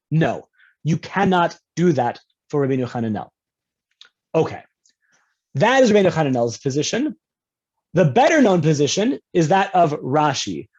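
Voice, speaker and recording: A man's voice: very animated, moderate pace, darkish tone. A man teaching an online class as a rabbi, conversational and playful with examples, often checking in with "right?", heard through a video call. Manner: playful with examples, jumps into higher pitch for quoted speakers. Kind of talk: online lecture on Jewish law. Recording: dull lo-fi video call audio.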